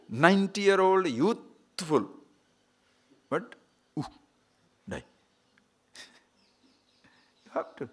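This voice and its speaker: Male teacher of spiritual texts, lively delivery with wide pitch swings, playful and quick to laugh. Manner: playful, laughs often, rhetorical questions.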